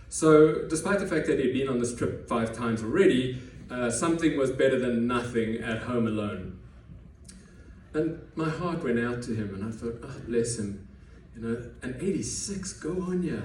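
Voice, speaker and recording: A man's voice: mid-range voice, darkish tone, slight background noise. A man telling a personal story on stage before a live audience, conversational and self-deprecating, often restarting his words. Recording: echoey room, heard from a distance, faint ambience.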